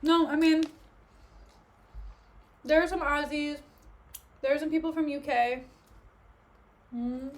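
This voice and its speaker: A woman's voice: sits high, fairly even intonation, slow, long pauses. A young woman chatting casually with her live-stream viewers from home, joking and snacking between remarks. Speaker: livestreamer. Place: at home, sitting on the floor.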